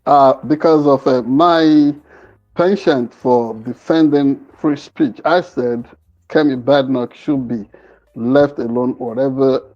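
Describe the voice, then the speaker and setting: A man giving opinionated commentary as a co-host, hesitant and filling pauses while he searches for words. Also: mid-range voice, steady tone, a little mellow, dull audio, soft background music. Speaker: news commentator.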